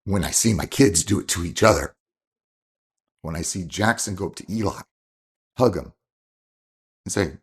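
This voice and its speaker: A man's voice: low-pitched, moderate pace, pauses often, slightly rough. A man in his forties, a coach and father, talking earnestly and from the heart in a casual interview, often restarting his sentences. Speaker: coach and father, podcast guest.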